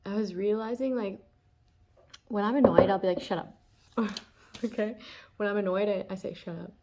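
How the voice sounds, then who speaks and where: A woman's voice: mid-range voice, fairly even intonation, normal speed, warm tone, a little hiss or hum. A woman giving a casual, chatty tarot reading, laughing often and full of fillers. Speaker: tarot reader.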